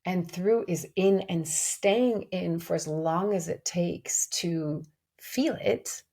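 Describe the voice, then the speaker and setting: A woman muses aloud in a reflective spiritual podcast monologue. Her voice is low, gravelly and husky. She talks earnestly and often restarts her sentences as she searches for words. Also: slow pace, warm tone. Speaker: podcast host.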